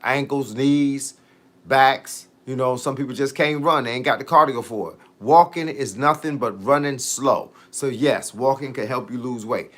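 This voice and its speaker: A man's voice: medium pitch, fairly bright tone. Laid-back man hosting a fitness livestream. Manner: laid-back slangy talk, drawn-out tangents. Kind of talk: casual livestream chat answering viewer comments.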